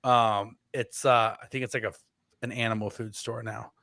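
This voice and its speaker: On a laid-back sports podcast, this male co-host wanders through his points, filling gaps and correcting himself as he restarts. He speaks at a moderate pace in a mid-range, gravelly, slightly bright voice with little pitch movement. There's no echo, just clean studio audio.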